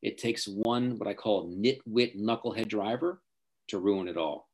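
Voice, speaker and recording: A man's voice: lowish voice, measured pace, darkish tone. A middle-aged man, a driving coach, giving emphatic advice as an interview guest. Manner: emphatic, acts out quoted parents and teens.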